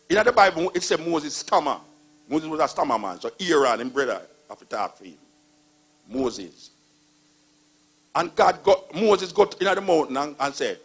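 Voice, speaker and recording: A man's voice: medium pitch, animated, a little fast, slightly rough. A man with a Jamaican accent, giving a humorous talk and animatedly retelling stories with voiced characters. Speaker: speaker on religion.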